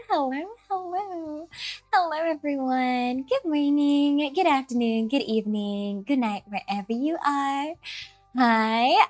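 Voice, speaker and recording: A woman hosting a casual live stream sounds bright and fairly high for a woman, and she giggles and stumbles through restarts while she makes fun of herself. Her voice is dry and close on a desk mic, with faint music running underneath. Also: no room sound. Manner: giggly, scattered, self-deprecating, many restarts. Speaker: streamer, virtual avatar host.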